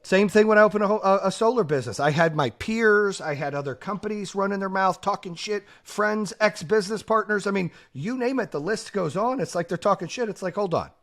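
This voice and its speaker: A man's voice: high voice, lively intonation, brisk, few pauses, a bit bright. Blunt, fired-up man hosting a podcast. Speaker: podcast host. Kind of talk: casual podcast chat.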